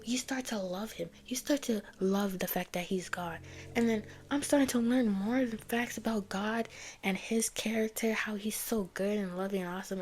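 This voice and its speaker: A young woman speaks in a casual personal testimony. She rambles as she talks, leaning on filler words and circling back on herself. Her voice sits at an ordinary mid pitch. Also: a little mellow. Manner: rambling, many fillers like "like" and "you know". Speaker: vlogger sharing her faith story.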